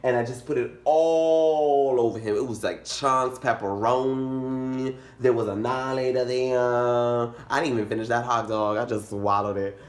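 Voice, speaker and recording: A young man telling a comic story in a vlog, animated and dramatic, jumping into high squeals. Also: unhurried. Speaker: vlogger. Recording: echoey room.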